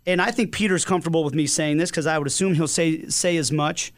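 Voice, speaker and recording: A man's voice: fairly high pitch, steady tone, fast. A man hosting a podcast, telling anecdotes in a casual, conversational way. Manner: conversational anecdotes, some repeated words. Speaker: podcast host.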